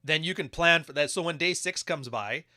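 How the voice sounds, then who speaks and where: A man's voice: a little high, moderate pace, sharp tone. A man giving crude, mocking casual commentary while reacting to videos. He keeps acting out quoted voices.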